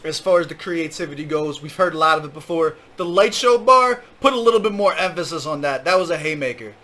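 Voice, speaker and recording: A man's voice: a little high, fast talker, pushed and bright. A man reacting to a rap battle as host, casual and hyped, heavy on slang and "like.". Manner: casual slang, hyped, says "like" and "my guy" a lot.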